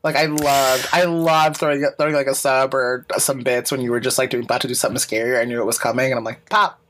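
A podcast co-host in casual chat, telling stories in an animated, teasing way. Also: mid-range voice, fast talker, noisy background. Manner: animated storytelling, playful teasing.

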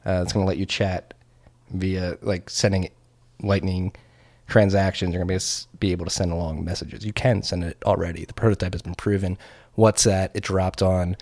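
A man's voice: low-pitched, level tone, moderate pace, a little mellow. A man co-hosting a podcast in casual, joking chat, rambling with frequent ums. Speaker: podcast co-host.

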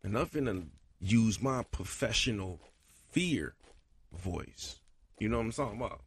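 A man hosting a casual podcast monologue, his voice a little scratchy, talking colloquially and getting animated. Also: fairly low pitch, a little slow, husky. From Florida. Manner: animated, swings loud for chanted cadence bits; colloquial, repeats "you know". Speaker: podcast host, cadence caller.

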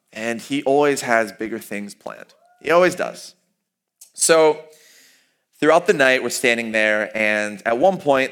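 Animated young man telling a story. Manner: animated, with sudden jumps in pitch and volume. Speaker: student speaker sharing a personal story. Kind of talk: storytelling talk.

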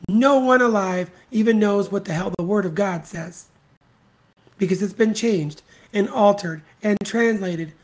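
An adult podcast host delivering a solo commentary rant, blunt and profane, repeating insults and points for emphasis. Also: mid-range voice. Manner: blunt, profane and scornful, hammering points by repetition.

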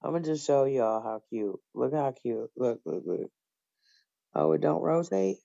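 A woman's voice: very deep voice, normal speed, creaky, dark tone, no echo, highs cut off. A woman chatting casually and bluntly over a video call, telling stories full of swearing and laughter. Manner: blunt, profane, storytelling with laughs. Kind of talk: casual chat.

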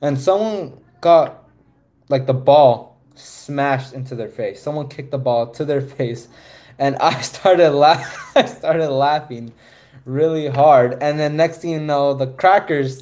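A man's voice: a little high, slow pace, a little mellow. A young man hosting a podcast, telling a story in casual chat and laughing his way through it. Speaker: podcast host. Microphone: voice call microphone.

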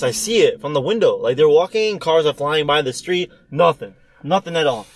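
A man's voice: fairly high pitch, no echo. A young man telling a rambling, profane story in casual chat between friends.

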